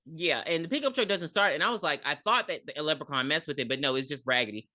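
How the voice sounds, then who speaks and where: A woman's voice: low voice, expressive, quick pace, pushed and bright. A woman co-hosting a podcast, retelling a movie's plot in casual, profane chat. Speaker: podcast co-host.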